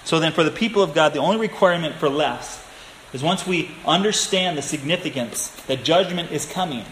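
A male pastor preaching a sermon, earnest and emphatic, slowing down to stress key phrases. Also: fairly high pitch, a little hiss or hum. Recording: echoey room with faint ambience.

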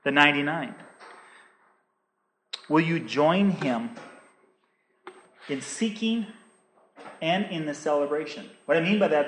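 High-voiced man preaching in an echoey hall. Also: fairly bright tone. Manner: earnest, repetitive appeals with many restarts. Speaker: pastor. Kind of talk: sermon.

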